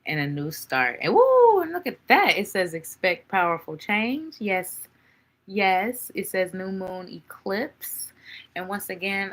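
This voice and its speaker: Low-voiced chatty woman reading tarot. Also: pushed and bright. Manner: chatty, playful, laughs often, calls viewers honey and baby. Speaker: tarot reader. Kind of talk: casual tarot reading to viewers.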